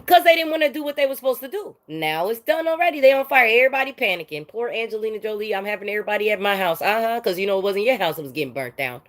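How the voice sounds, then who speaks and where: A woman giving a heated, profane monologue rant, swinging between loud outbursts and low muttering. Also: animated, very fast, few pauses, slight background noise. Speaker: vlogger.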